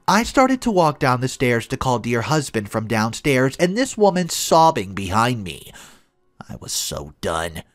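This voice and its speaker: Lively male story narrator. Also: mid-range voice. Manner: lively, dramatic reading. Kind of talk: scripted narration of a reddit story.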